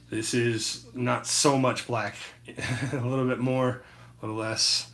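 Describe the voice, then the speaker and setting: Chill guy painting on stream, bright tense voice, rambles, swears a lot, says hi to chat. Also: medium pitch, little pitch movement, slow. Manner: laid-back, rambling, swears freely, chats to viewers by name. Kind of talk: casual live-stream chat while painting.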